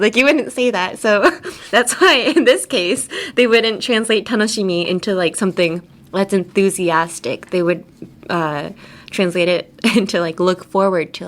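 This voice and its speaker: A woman's voice: lowish voice, normal speed. A woman hosting an English lesson podcast in a radio studio, chatting casually, laughing often and acting out playful pronunciation demos. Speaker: English teacher host. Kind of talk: casual teaching chat.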